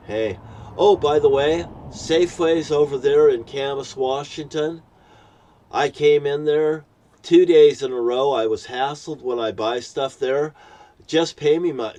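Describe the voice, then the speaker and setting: A man in an angry, profane rant that rambles like a sermon. His medium-pitched voice sits a little back from the mic. A vehicle can be heard faintly around him. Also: darkish tone, distant mic. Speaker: vlogger. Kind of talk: ranting monologue to camera.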